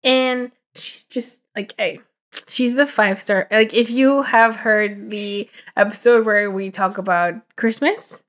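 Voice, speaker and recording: A woman's voice: mid-range voice, fairly even intonation, slow, a bit bright. A young woman co-hosting a podcast, telling a rambling story in casual chat, full of fillers and acted-out quotes. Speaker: podcast co-host.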